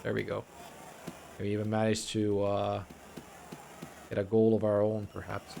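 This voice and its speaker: A young native Finnish speaker from Finland, with a Finnish accent, mumbles casual commentary while streaming a game, his words running together. His low-ish voice is monotone, creaky and mellow, at a measured pace over slight background noise.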